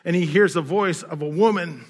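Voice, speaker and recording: Male pastor, slightly high voice, preaches through a story, swings loud to soft. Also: moderate pace. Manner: storytelling, rising loud and high in quoted scenes, dropping quiet in reflection. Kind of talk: sermon.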